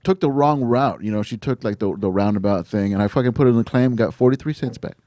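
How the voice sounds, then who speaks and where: A man on a podcast telling a short story in a halting, stop-start way. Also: medium pitch, dark tone, dry recording, clean studio sound. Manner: halting, restarts, mumbled asides. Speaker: podcast producer. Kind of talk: casual podcast chat. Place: podcast studio.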